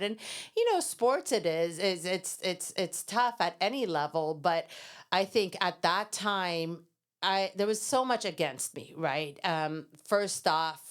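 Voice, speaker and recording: A middle-aged woman from Iran, a guest in an interview, telling lively stories and acting out quoted voices with laughter. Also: fairly low pitch, clear, resonant tone. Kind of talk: storytelling interview.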